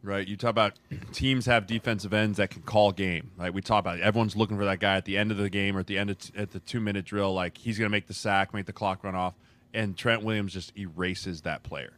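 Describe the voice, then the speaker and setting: A man's voice: on the low side, steady tone, fairly quick, a bit bright. A man co-hosting a casual sports podcast, a college line coach who explains plays and keeps adding "right?" and "like".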